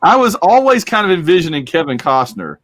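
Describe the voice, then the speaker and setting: A man's voice: fairly high pitch, big pitch swings, brisk, fairly bright tone. A man hosting a podcast, chatting casually and rambling through a movie discussion. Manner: rambling, chatty, acts out quotes. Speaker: podcast host.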